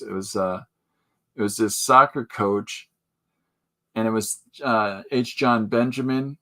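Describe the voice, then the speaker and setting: A man's voice: lowish voice, fairly bright tone. A middle-aged man hosting a podcast in casual chat, rambling with many fillers and chuckling as he talks. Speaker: podcast host.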